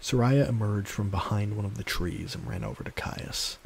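Man, story narrator, calm steady reading, gravelly fry, faint hiss. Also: on the low side, normal speed. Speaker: audiobook narrator. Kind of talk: scripted narration of a fan story.

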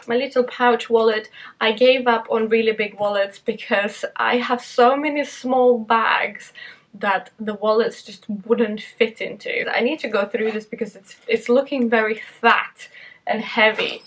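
A woman's voice: on the high side, fairly bright tone, low-quality recording. A woman vlogger chatting casually at home, playful and chatty, with wry asides. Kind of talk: casual chat.

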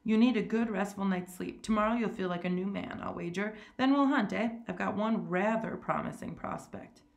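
A woman voicing a suave, menacing aristocratic male hunter with genteel, mocking courtesy, raised a little above her low, gravelly reading voice. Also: moderate pace, lightly acted.

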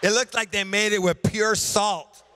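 A middle-aged man preaching a sermon as pastor, piling up lists and swinging between loud calls and hushed asides. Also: high voice, fairly even intonation, unhurried, a little hiss or hum. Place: large church hall. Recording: live church sermon with long hall reverb.

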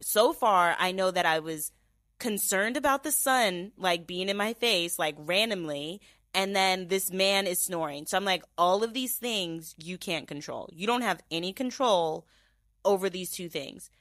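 A young woman hosting a podcast, telling a story in casual chat with lots of fillers and animated replays of her own thoughts. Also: lowish voice, a little slow, no echo. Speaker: podcast host.

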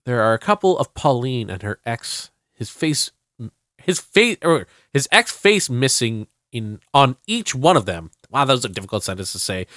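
A woman giving casual, wry commentary while playing a game, chatty and quick to swear. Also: extremely low pitch, a bit bright, no room sound, studio quality. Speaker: let's play gamer. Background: game music.

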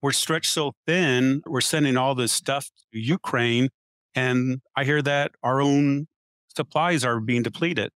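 A man's voice: medium pitch, measured pace, a bit bright, clear, resonant tone, no room sound, clean studio sound. A man in a casual panel debate, arguing his point insistently and reeling off statistics. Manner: argumentative, cites statistics. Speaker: panel guest.

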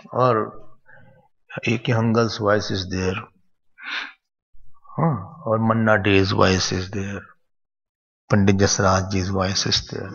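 An older man with an Indian English accent gives a scripture discourse, teaching in a loose, conversational way. His voice is gravelly and husky. The sound is dull and lo-fi, with a long hall echo around it. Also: fairly low pitch, fairly bright tone. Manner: conversational, digressive teaching, mixing in Hindi phrases. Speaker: spiritual teacher. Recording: dull, echoey hall recording.

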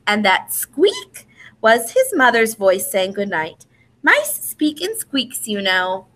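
A patient older brother bear soothes his little sibling in a bright, lively voice, as a woman reads him aloud. The storybook tone is gentle and explanatory. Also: fairly high pitch, slow, exaggerated voice. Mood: reassuring. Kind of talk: children's storybook reading.

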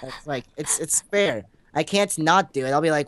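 A man's voice: a little high, fairly quick, few pauses, fairly bright tone. A young man co-hosting a casual game let's-play, rambling goofily with melodramatic outbursts. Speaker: gaming channel co-host.

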